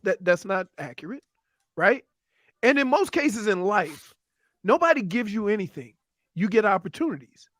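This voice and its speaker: A man co-hosting sports radio, animated and mocking in casual banter. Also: high voice, normal speed, no room sound, clean studio sound.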